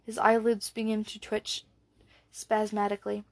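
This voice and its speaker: A woman narrates an audiobook with a measured, low-key delivery. Her pitch stays level and flat throughout, and the recording is close and dry with no room sound. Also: no echo.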